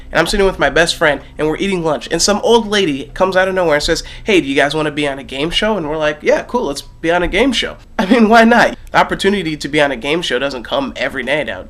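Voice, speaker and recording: A young man vlogging, telling a story animatedly and swinging between loud bursts and hushed asides. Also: fairly high pitch. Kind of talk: casual storytelling vlog.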